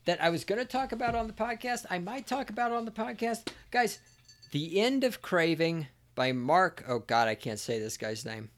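A man hosting a solo podcast, ranting angrily with constant swearing and sometimes shouting. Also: high-pitched, lively intonation, normal speed. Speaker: podcast host.

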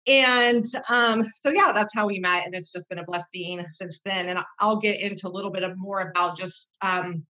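A woman in her thirties talks as a podcast guest, sharing heartfelt memories in a loose, rambling way. Her voice has a clear, bright edge. She restarts sentences often and leans on fillers as she goes. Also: medium pitch, fairly even intonation, normal speed, hardly any pauses, rough recording. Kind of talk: heartfelt casual storytelling.

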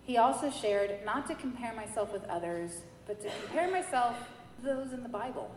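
A woman from New York giving a personal faith testimony, telling her story in a lively way and acting out the dialogue. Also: fairly high pitch, moderate pace. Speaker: church member giving testimony. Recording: echoey hall with faint noise.

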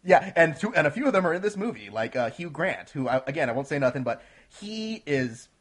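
An excitable man chatting casually about movies, his voice a little husky and on the high side. His pitch swings widely as he gets worked up. He laughs often as he talks. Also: brisk. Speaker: podcast co-host reviewing films. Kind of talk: casual chat.

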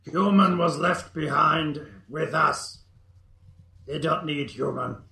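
A man's voice: on the high side, slow pace, creaky, pushed and bright, reverberant, heavily acted. A man voicing a male goblin captive who talks in broken, clipped grammar in a tabletop game. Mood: informing.

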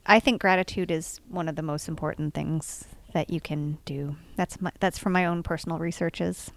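A woman's voice: mid-range voice, darkish tone, no room sound. A woman co-hosting a casual chat, earnest and reflective, sharing personal memories and reading short facts aloud. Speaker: podcast co-host. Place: indoors, home setting.

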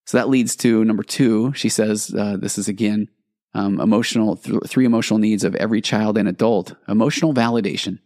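On this solo podcast the host's voice sits on the low side, brisk and darkish, with fairly even intonation. He talks sincerely about raising kids, plays out short exchanges with them and pokes fun at himself, all in clean, echo-free studio audio.

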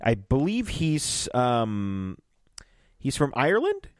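A man's voice: medium pitch, huge pitch swings, slow, no room sound, studio quality. A man co-hosting a podcast, chatting casually and retelling scenes with frequent laughs. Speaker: podcast co-host. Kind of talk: casual chat recapping an audio drama.

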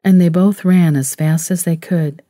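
Reading a novel aloud for an audiobook, a woman with a voice on the low side keeps her scripted narration calm and measured. The studio recording is clean, without any echo.

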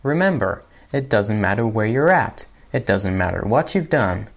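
A man's voice: lowish voice, expressive, normal speed, gravelly, highs cut off. A man doing a Californian podcast host. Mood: earnest. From England. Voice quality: announcer-style reading.

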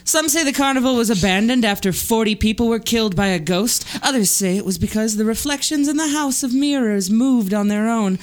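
A woman's voice: a little high, brisk, hardly any pauses, lightly acted. A woman reading a ditzy young valley girl ghost hunter, full of bubbly valley girl slang. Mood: perky.

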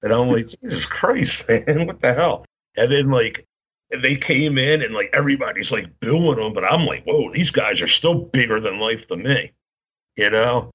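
A man's voice: medium pitch, moderate pace, a bit bright, breathy edge. A man telling long, rambling stories in casual chat, laughing often and acting out what people said. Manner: rambling, laughing, acts out quotes. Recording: dull lo-fi sound.

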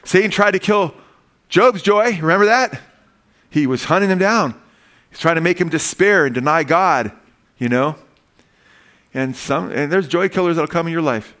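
A man's voice: on the high side, lively intonation, normal speed, long pauses, a bit bright. A male pastor preaching a sermon in a casual, folksy way, often saying "man" and telling jokes.

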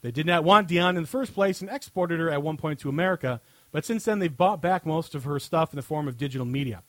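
A man on a podcast reads out long comic answers to listener questions, mocking and over the top, chuckling at his own lines. His voice sits a bit high for a man. The desk mic sound is dry and close, with no room around it. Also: quick pace, fairly bright tone, no echo. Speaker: podcast host. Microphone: own desk microphone.

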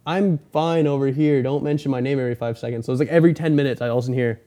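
A man's voice: mid-range voice, steady tone, rapid-fire, mellow. A young man hosting a podcast, telling a rambling story in casual chat and acting out the quotes. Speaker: podcast host.

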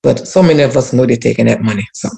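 A woman's voice: very deep voice, fast, gravelly, warm tone, a little hiss or hum. A woman telling an emotional personal story as a guest, repeating herself and speaking of prayer. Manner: emotional, repetitive, church-rooted testimony. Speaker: community activist guest.

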